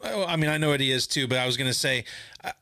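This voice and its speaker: A man's voice: medium pitch, racing, bright, forceful tone, no room sound. A young man co-hosting a podcast who chats casually, recounting things with self-deprecating humor. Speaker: podcast co-host. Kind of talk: casual chat.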